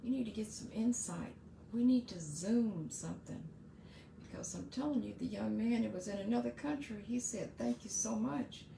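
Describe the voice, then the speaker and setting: A woman's voice: medium pitch, normal speed, creaky, reverberant, noisy background. A middle-aged woman hosting her own podcast, giving casual, earnest advice to parents with frequent asides and restarts. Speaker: podcast host.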